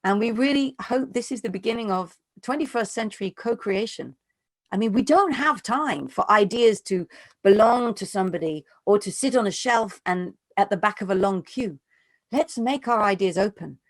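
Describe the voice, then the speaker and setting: A woman speaks with earnest conviction, pressing her points with emphasis. She is an economist giving a keynote and taking questions, heard through a video call. Her voice sits at a middle pitch. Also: lively intonation, normal speed, dry recording. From United Kingdom. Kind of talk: lecture and Q&A answers.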